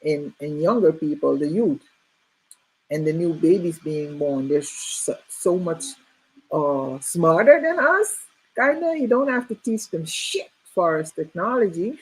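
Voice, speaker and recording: A woman's voice: low voice, big pitch swings, a little slow, breathy edge, poor audio. A middle-aged woman hosting a casual group chat, rambling with many fillers and restarts.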